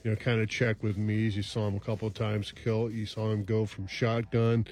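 A man's voice: fairly low pitch, little pitch movement, moderate pace, a little mellow, soft background music. A man talking football as a radio analyst, rambling and full of fillers. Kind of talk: sports talk radio analysis.

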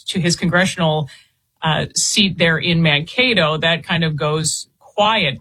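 A woman reporter speaks as an interview guest in a bright voice with a husky edge. She halts often and repeats words as she explains. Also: on the low side, rough recording.

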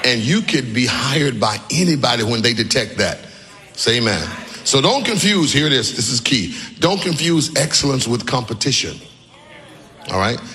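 A man preaching a sermon as pastor, calling on the congregation to answer back and shouting his key lines. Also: medium pitch, long reverb tail. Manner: call-and-response preaching, often shouting emphatic lines. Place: church sanctuary with congregation.

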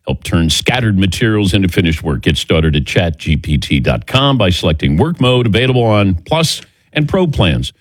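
A man's voice: lowish voice, dry recording. A man hosting a sports radio talk show, joking loosely and tossing to his crew by name. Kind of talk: casual radio show chat. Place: radio studio. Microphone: studio microphone.

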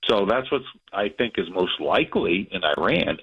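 Husky low male caller on a muffled phone line. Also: big pitch swings, normal speed, dry recording. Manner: speculative, chuckles between phrases. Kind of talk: call-in radio chat.

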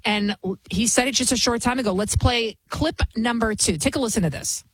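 A woman's voice: fairly high pitch, brisk, husky, no echo. A woman hosting a commentary show, delivering a heated, emphatic opinion monologue with frequent restarts and repetition.

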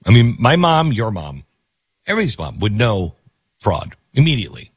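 A man's voice: lowish voice, sing-song, moderate pace, husky, dry recording. A man hosting talk radio, delivering a mocking, rambling monologue into a studio microphone. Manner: mocking, rambling, self-correcting. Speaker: radio talk show host.

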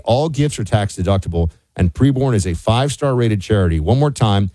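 Man, radio co-host, mellow dark tone, low voice, dry studio sound. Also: animated, moderate pace, hardly any pauses, no room sound. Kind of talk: talk radio chat and ad read.

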